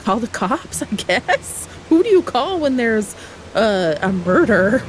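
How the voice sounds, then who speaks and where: A woman's voice: fairly high pitch, big pitch swings, takes it slowly, slight background noise. Chatty young woman streaming a game. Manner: chatty, reacts aloud and laughs often. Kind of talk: casual game stream chat, reading dialogue aloud.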